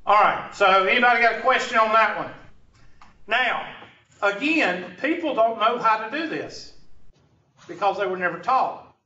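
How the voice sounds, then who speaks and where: In an echoey room, recorded from afar with dull lo-fi quality and faint noise, a math teacher delivers an informal, bantering fractions lesson. The man, from Upstate South Carolina, USA, has a Southern accent and a folksy, teasing manner, tossing jokes at his audience. His high-pitched voice is expressive, bright and forceful, at a moderate pace with frequent pauses.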